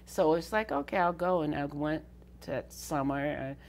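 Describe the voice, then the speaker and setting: Older woman, low voice, gravelly fry, storytelling interview, faint hum behind. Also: normal speed, darkish tone. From Southern United States. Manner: laughs often, acts out quoted voices.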